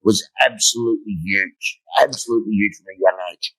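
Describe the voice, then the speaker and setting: A man's voice: lowish voice, a little fast, fairly bright tone, poor audio. A middle-aged man, a motivational speaker, telling blunt, humorous stories in an interview and swearing freely. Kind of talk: storytelling interview.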